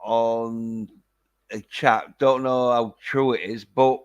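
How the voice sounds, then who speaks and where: A man's voice: medium pitch, fairly even intonation, takes it slowly, smooth, lo-fi sound. A man casually chatting through a film review, rambling with lots of fillers and casual swearing. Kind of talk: casual chat.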